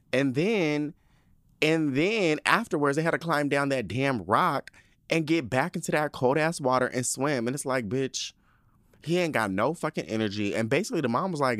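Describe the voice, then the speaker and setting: A man tells a story in a loose, profane, indignant rant and laughs often. His pitch leaps around as he gets worked up. The sound is dry and close, with no room around it. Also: no room sound. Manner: profane, animated, indignant ranting; frequent laughter. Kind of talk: casual storytelling monologue.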